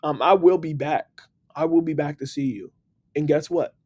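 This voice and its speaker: A man hosting a casual motivational live stream, upbeat and slangy, giving shout-outs to his viewers. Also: on the high side, normal speed. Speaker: livestream host. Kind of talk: casual motivational livestream talk.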